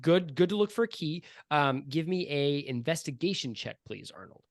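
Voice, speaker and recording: A man running a tabletop game as game master, describing scenes with many pauses and restarts. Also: on the high side, expressive, dry recording, studio quality. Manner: rambling, hesitant with ums.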